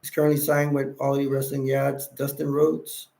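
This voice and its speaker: A man's voice: medium pitch, monotone, fairly quick, creaky, dark tone. A tired man hosting a late-night livestream, rambling casually and reading chat messages and wiki text aloud. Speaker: livestream host.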